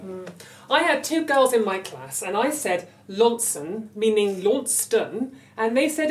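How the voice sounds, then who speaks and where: A woman's voice: medium pitch, expressive, unhurried, echoey room. A woman, a teacher, chatting playfully in a group and asking curious questions. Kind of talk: casual group chat.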